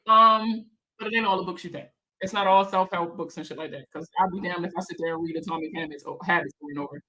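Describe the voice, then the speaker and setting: Bright-voiced woman hosting a casual live chat. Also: fairly low pitch, fast talker, poor audio. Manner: slangy, swears freely, laughs often; reads viewer comments aloud and answers them.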